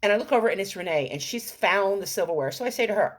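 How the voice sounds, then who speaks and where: A middle-aged woman telling a story on her vlog in an animated, playful, enthusiastic way. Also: medium pitch, fast, hardly any pauses. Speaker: vlogger.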